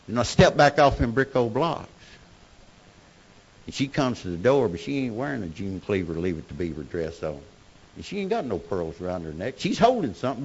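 A man with a drawl speaks his testimony with wild swings in pitch, dropping nearly to a whisper and then climbing into hollering. The recording sounds muffled and lo-fi. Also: slightly rough. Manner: Southern-style storytelling, emotional swings from hushed to shouting. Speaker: speaker sharing recovery story. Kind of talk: personal testimony talk.

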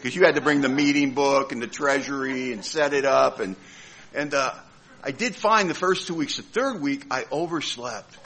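Speaking at a meeting, a recovering alcoholic gives a humorous account of his recovery, impersonating other people with comic timing. His medium-pitched voice is bright and forceful.

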